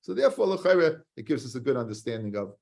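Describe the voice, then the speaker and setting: A man's voice: medium pitch, quick pace, gravelly. A man, a rabbi teaching a Talmud study lesson. He repeats phrases for emphasis and mixes Hebrew and Aramaic terms into his English. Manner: animated, swings between loud emphasis and quiet earnest stress, repeats phrases.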